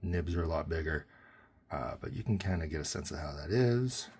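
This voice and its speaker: A man's voice: very deep voice, lively intonation, fairly quick, a little mellow, a little hiss or hum. A man giving a casual, rambling pen review, full of fillers and self-corrections.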